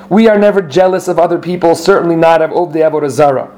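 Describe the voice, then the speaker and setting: High-voiced man teaching a Torah lesson. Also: fairly even intonation, fast, a little mellow. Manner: explains with restarts, quotes Hebrew and Aramaic text then translates.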